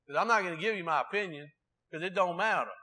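A man's voice: high voice, fast, sharp tone. A man preaching a sermon in a conversational way, asking the congregation rhetorical questions.

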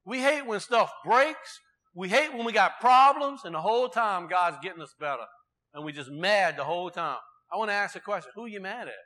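A man's voice: high-pitched, animated, brisk, pushed and bright. A man preaching a sermon in a conversational way, asking the congregation rhetorical questions.

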